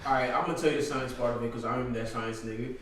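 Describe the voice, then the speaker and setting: Man from Nigeria, loud animated podcast chat, heavy room echo, off-mic. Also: mid-range voice, racing, distant mic. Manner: loud, animated, laughing storyteller. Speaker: podcast co-host. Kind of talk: casual chat. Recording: roomy echo, voice a bit off-mic.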